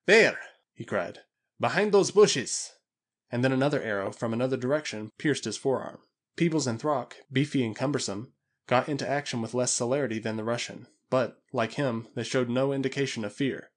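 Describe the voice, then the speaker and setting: A male audiobook narrator with a middling pitch. He tells an adventure story in a measured, even way that stays steady from line to line.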